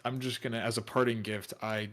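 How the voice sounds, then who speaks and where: A man's voice: medium pitch, level tone, fairly quick, fairly bright tone. A man who is a game developer, chatting casually on a live stream and often restarting his sentences.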